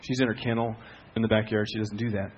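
A middle-aged man preaching a sermon as a pastor, telling stories with swings from hushed to loud. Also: on the low side, level tone, fast talker, dull audio, a little hiss or hum.

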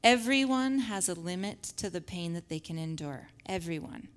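A woman teaching a faith-based lesson with slides, who acts out the scripture quotes in lively voices. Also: on the low side, normal speed, big-room sound. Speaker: Bible study teacher.

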